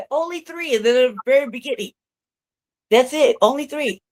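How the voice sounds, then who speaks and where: A woman's voice: sits high, lively intonation, a little slow, darkish tone, no echo. Profane, laughing woman co-host. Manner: profane storyteller, laughs often. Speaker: co-host of a news talk show. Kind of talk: casual chat. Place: her own room.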